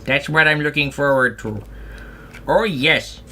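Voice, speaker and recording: Goofy streamer with a bright voice. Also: male voice, on the high side, unhurried, slight background noise. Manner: rambling, goofy self-talk with playful asides. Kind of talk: casual livestream chatter while crafting.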